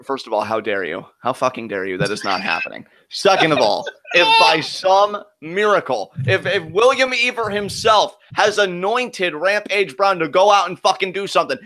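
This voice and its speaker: Male co-host, slightly high bright voice, heated profane ranting about a match. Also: animated, normal speed, few pauses, no echo, studio quality. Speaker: co-host of wrestling reaction show. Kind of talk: live wrestling reaction chat.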